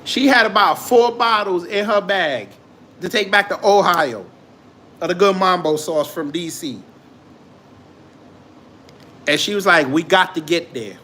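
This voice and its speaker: A man's voice: high-pitched, measured pace, long pauses, pushed and bright, a little hiss or hum. A man hosting a casual reaction commentary show, joking and mocking the clips he plays, and often breaking into laughter. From immigrant to the United States.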